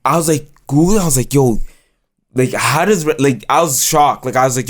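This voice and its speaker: A man's voice: medium pitch, expressive. Slangy young man chatting casually. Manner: slangy, halting, retells scenes in quotes. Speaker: co-host of an anime review show. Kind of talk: casual chat.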